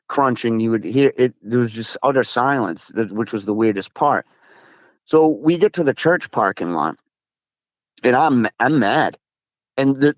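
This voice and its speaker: An excitable medium-pitched man from Massachusetts, appearing as a guest, tells stories of encounters in a casual way. He swears, says "dude" a lot and keeps restarting sentences, with no room sound in the recording.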